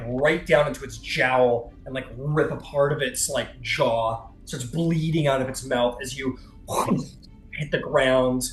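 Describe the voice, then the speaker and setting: A man's voice: mid-range voice, fairly bright tone, reverberant, poor audio. A man running a tabletop game as game master, narrating loosely with lots of fillers and the odd swear.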